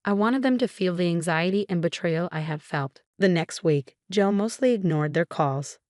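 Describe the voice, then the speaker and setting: A woman narrating a first-person story in a steady, matter-of-fact way. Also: fairly low pitch, normal speed, dry recording, clean studio sound.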